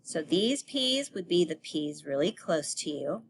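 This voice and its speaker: Lady teacher doing a kids grammar video, kinda low voice, playful, bit of background hiss. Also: measured pace. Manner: playful, animated, acts out sample sentences. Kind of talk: video grammar lesson for children.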